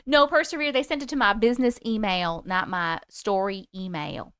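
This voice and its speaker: A woman's voice: medium pitch, fairly even intonation, normal speed, a bit bright, clean tone, dry recording, clean studio sound. A woman in her forties hosting a livestream, chatting with viewers and reading their stories aloud in a bubbly, casual way. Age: 40s.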